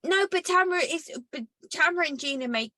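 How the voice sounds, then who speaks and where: A woman's voice: very high voice, moderate pace, pushed and bright, no room sound. A woman co-hosting a podcast, chatting casually and bluntly, swearing freely as she recaps a reality show. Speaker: podcast co-host. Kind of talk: casual chat.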